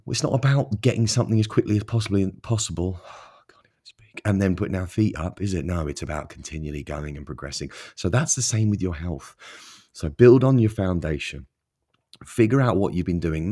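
Young man, very low voice, solo podcast host; loose, self-mocking, encouraging delivery. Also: darkish tone, husky. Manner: rambling, self-deprecating, encouraging. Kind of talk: solo motivational podcast talk.

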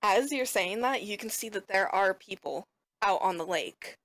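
A woman running a tabletop role-playing game as game master, narrating events in a measured, descriptive way. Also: medium pitch, animated, a bit bright, no echo.

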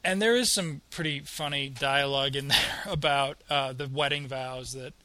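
A man's voice: medium pitch, moderate pace, sharp tone, no room sound. A man co-hosting a podcast, discussing films casually and repeating words as he thinks aloud. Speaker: podcast co-host.

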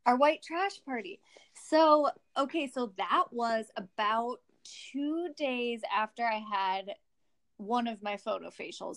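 Minnesota-accent woman, podcast guest, chatty, goes on long explanations, mid pitch. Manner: chatty, laughing, explains at length. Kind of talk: casual chat.

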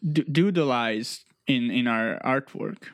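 A man co-hosting a podcast in casual banter, playful and excitable, often repeating his words. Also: medium pitch, slow pace, no echo, studio quality. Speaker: podcast co-host.

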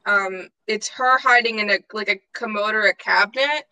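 A woman's voice: mid-range voice, moderate pace, bright, forceful tone, clean tone, no echo, low-quality recording. A young woman co-hosting a podcast, chatting casually with a friend, giggly and full of fillers. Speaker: podcast co-host. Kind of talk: casual chat.

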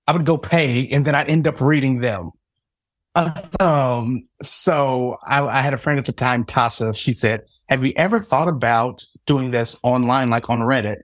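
A man's voice: medium pitch, normal speed, no echo, studio quality. A man in his thirties from Southern Indiana, a guest telling his story as a psychic reader, acting out the dialogue with self-mocking humor. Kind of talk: storytelling in casual interview.

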